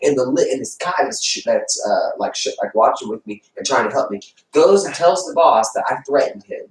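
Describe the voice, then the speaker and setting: A man on a livestream telling a long, profane story fast and acting out what people said. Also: medium pitch, expressive. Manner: fast, profane storytelling, acts out quotes loudly. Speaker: livestream host. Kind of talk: casual chat. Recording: echoey room, far from the mic.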